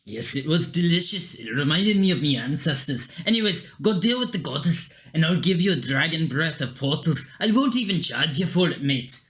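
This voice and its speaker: A stingy Scottish portal merchant grumbles about money, as a man puts him on. The voice is gruff and deep, and it rises and falls in lively swings. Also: moderate pace, few pauses. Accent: put-on Scottish.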